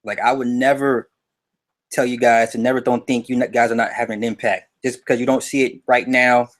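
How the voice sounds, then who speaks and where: A man's voice: mid-range voice, brisk. Laid-back male guest, humble and rambling. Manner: relaxed, humble, rambling with fillers. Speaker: guest YouTuber. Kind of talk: casual interview chat.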